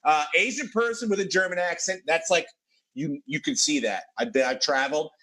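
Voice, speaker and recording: A man with a high, bright voice riffs as a comic panelist. He rambles and restarts often while he builds his bits. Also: fairly quick. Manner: rambling, stumbling through setups. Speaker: comedian panelist. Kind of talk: riffing comedy chat.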